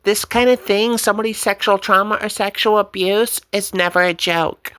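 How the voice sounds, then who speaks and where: A woman talking in a casual, blunt, indignant way, swearing freely as she reacts to online posts. Her voice sits at an ordinary middle pitch and sounds dry and close, with no room around it. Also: fairly even intonation, moderate pace, a bit bright, clear, resonant tone, no echo.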